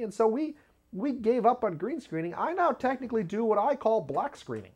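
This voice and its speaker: A man hosts his own show from a small home studio, rambling from one aside to the next and mocking himself as he goes. His voice leaps up in pitch whenever he acts out what someone said, and he laughs at his own jokes. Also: brisk, highs cut off. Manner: lively pitch jumps when acting out quotes. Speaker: video show host. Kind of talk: casual comedic monologue. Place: home studio with black curtain behind.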